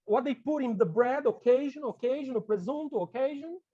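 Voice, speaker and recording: A man's voice: extremely high pitch, fairly quick, dark tone, dull audio. A man with a Brazilian Portuguese accent, a native Portuguese speaker, gives a casual teacher-training talk to colleagues. He is chatty and keeps tagging his lines with "okay?" and "right?".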